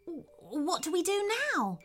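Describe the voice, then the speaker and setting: A woman voicing a small, nervous teddy bear who speaks softly and stammers. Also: very high-pitched, sing-song, normal speed, faint music behind, pitched above the performer's own voice.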